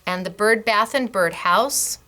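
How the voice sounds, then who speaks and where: A middle-aged woman hosting a craft class, chatting warmly and gushing over samples, laughing often. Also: mid-range voice, unhurried. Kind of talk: casual product demo.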